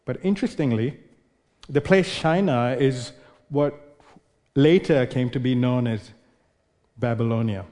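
A man's voice: mid-range voice, a little slow, long pauses, darkish tone, big-room sound. A male preacher giving an expository sermon, explaining and posing rhetorical questions.

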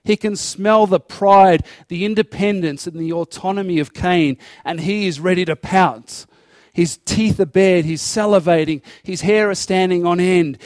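The sermon comes from a man with a high-pitched voice, recorded dry at studio quality. He earnestly expounds scripture one verse at a time and acts out dialogue, quoting God's voice.

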